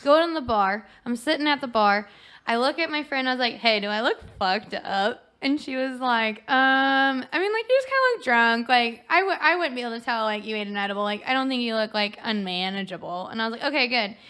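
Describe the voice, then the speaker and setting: A young woman with a bright, slightly high voice, chatting as a podcast guest. She tells her story in an animated way, acting out quotes and leaning on "like" as a filler. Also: a little fast, smooth. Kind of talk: casual storytelling chat.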